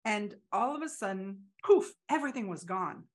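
Woman talking in halting, reflective bursts. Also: mid-range voice, lively intonation. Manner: halting, many restarts and fillers, acts out quoted voices. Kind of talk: casual reflective conversation.

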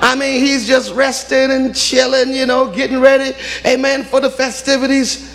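A man preaching a sermon as a story, emphatic, with call-and-response and rising to shouts. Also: extremely high pitch, level tone, moderate pace, a little hiss or hum.

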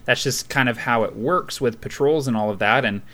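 A man with a bright, forceful voice talking through tabletop game ideas in a relaxed group chat. He explains at length, circling back with fillers as he builds each point. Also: medium pitch, fairly quick. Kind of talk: casual chat about tabletop games.

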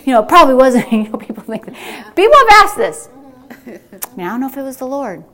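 A woman's voice: sits high, huge pitch swings, fairly quick, pushed and bright. A woman pastor preaching a fervent sermon and calling out to her congregation. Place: church service.

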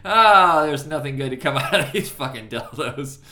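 A man's voice: fairly high pitch, animated, normal speed, pushed and bright, reverberant. A man from Indiana co-hosting a casual, profane movie chat, quoting film lines in put-on voices. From Indiana, USA. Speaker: podcast co-host.

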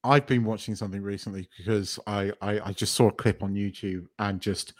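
A British man co-hosting a podcast, telling stories with animated energy and casual swearing. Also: fairly low pitch, fairly quick. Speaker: podcast co-host. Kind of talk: casual chat.

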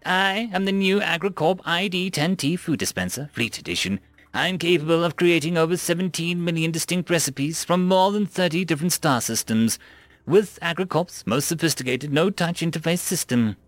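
A man's voice: fairly high pitch, normal speed, a bit bright, no room sound, soft background music, lightly acted. A man voicing a smug, overly polite male food-dispenser machine in a story reading. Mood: prim. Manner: prim, customer-service politeness, sly. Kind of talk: story narration.

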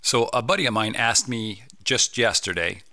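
A man's voice: mid-range voice, normal speed, sharp tone, no echo, studio quality. A man hosting a podcast, talking casually and upbeat, often asking listeners rhetorical questions. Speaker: podcast host. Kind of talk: casual solo podcast talk.

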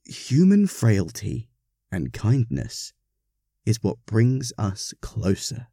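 A man's voice: fairly low pitch, expressive, measured pace, mellow, dry recording, studio quality. A man playing a mild, flustered vicar. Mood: mild, cautious. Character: mild, anxious middle-aged male vicar.

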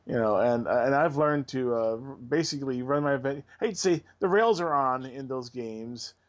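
A man talks casually on a podcast, his voice sitting at a middling pitch. He stumbles and repeats words as he gathers his thoughts, keeping the tone loose and conversational. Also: lo-fi sound. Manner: halting, restarts and repeats words. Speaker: podcast host and game master. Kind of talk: casual chat.

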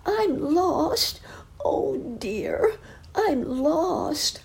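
A woman voicing a frightened lost little boy with a high crying wail. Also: lively intonation, drawn-out words, creaky, darkish tone, exaggerated voice.

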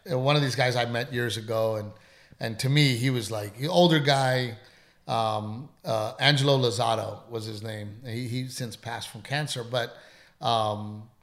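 Middle-aged male comedian, gravelly voice, candid and emphatic, swears a lot. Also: medium pitch, steady tone, unhurried, fairly bright tone. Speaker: comedian and podcast co-host. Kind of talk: casual storytelling chat.

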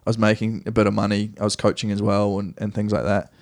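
A man's voice: fairly low pitch, flat delivery, quick pace, gravelly, dry recording, clean studio sound. A man with a New Zealand accent, a podcast guest telling rambling, self-correcting stories about his soccer career in a casual, easy way.

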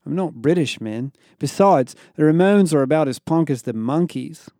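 A man voicing a loud cheeky New Zealand teen. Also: a little high, expressive, normal speed, no echo, clean studio sound. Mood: cheeky banter. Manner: cheeky, bantering, upbeat. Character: loud excitable teenage boy from New Zealand. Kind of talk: audio fiction reading.

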